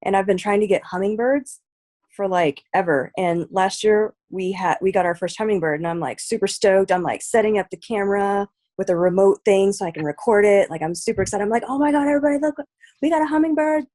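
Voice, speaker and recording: A woman from Texas, a fighter, talking casually as a podcast guest, soft-spoken with many "like" and "um" fillers. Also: medium pitch, steady tone, fairly quick. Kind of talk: casual interview chat.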